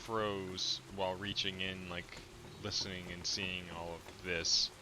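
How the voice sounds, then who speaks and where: Male game master, low voice, slow deliberate narration. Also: flat delivery, noisy background.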